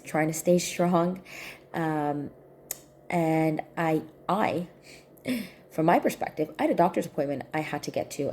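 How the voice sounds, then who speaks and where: Casting: woman, lowish mellow voice, earnest storyteller who repeats her points, faint hum behind. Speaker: healing coach. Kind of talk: personal story, casual talk to camera.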